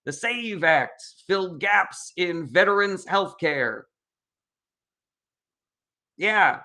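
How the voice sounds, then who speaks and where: Brief: young male streamer, fairly high, bright voice, combative, reads chat and fires back answers. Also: lively intonation, very slow. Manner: blunt, combative and sarcastic with commenters, swears freely. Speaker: political livestream host answering chat. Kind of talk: casual livestream Q&A, reading chat comments aloud.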